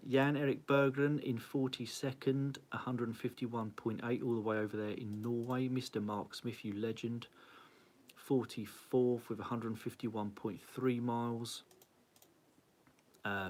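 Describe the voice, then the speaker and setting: A man hosting a casual live-stream rundown of a cycling club's leaderboard, cheery and chatty, greeting viewers by name and laughing at his own slips. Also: mid-range voice. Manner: flustered, self-mocking. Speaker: cycling club host.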